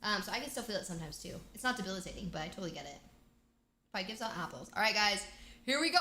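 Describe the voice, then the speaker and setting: A woman hosting a casual game livestream, chatty and bubbly with excited outbursts. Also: fairly high pitch, fast, background noise. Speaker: livestream host. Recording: echoey room.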